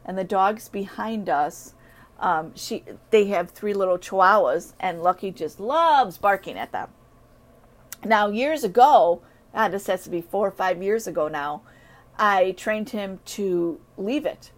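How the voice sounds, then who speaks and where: A woman of middle age talks casually and at length about training her dogs. She rambles from one story to the next and tells them in an animated way, slipping into little voices for what the dogs would say. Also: mid-range voice, measured pace. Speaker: dog owner sharing training tips. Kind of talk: casual chat.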